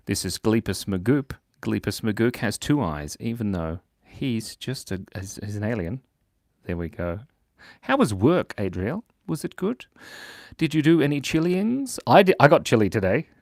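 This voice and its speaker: Lively, chatty man drawing on a livestream. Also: mid-range voice, dry recording, studio quality. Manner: chatty and playful, reads viewer comments aloud, giggles often. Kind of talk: casual live-stream chat while drawing.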